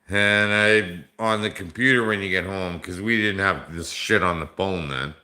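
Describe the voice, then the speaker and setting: A man's voice: sits low, normal speed, hardly any pauses, bright, forceful tone. A middle-aged man, a bit drunk, rambling and joking off-color with viewers on a casual livestream. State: tipsy from drinking. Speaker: livestream host.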